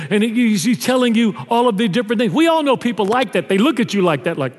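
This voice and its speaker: A male pastor preaching a sermon in a church, telling stories and dropping low and soft on tender lines. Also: lively intonation, fast, few pauses. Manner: storytelling, drops low and soft on intimate lines. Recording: long reverb of a church hall.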